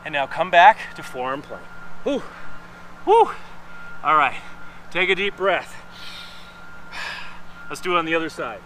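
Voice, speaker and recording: Slow-talking man leading a workout outdoors. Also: on the high side, animated, sharp tone, a little hiss or hum, rough recording. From Wisconsin. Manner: playful, joking, counts reps aloud while exercising. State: breathing hard from exercise. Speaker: fitness instructor. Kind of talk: guided workout instruction. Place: outdoors in the sun.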